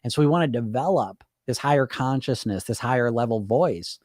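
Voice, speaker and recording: A man's voice: mid-range voice, animated, a little fast, a little mellow, no room sound, studio quality. A man hosting a podcast as a weight loss coach, talking in a conversational way, laughing often and acting out little voices. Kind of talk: casual talk.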